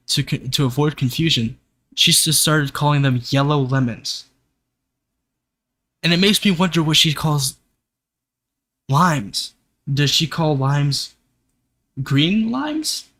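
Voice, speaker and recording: A man's voice: a little high, fairly bright tone, no room sound. A young man streaming live, ranting casually to his chat with frequent swearing. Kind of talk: casual livestream rant.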